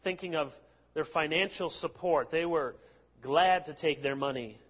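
A male pastor preaching a sermon, explaining passages with lively sarcastic asides. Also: fairly high pitch, normal speed. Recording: long hall reverb, dull lo-fi sound.

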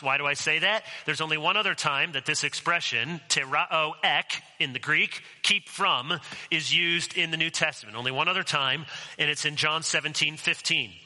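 Casting: male pastor, bright forceful voice, conversational sermon delivery with joking asides, slightly higher pitch, church hall reverb. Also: moderate pace.

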